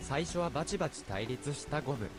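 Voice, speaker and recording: A chirpy little goblin townsman, voiced by a man in a Japanese game, firing off short clipped phrases at a breakneck pace. Game music plays clearly underneath. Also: mid-range voice, lively intonation, rapid-fire, lightly acted. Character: goggled male goblin townsman, cheerful, simple-spoken. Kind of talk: Japanese video game dub.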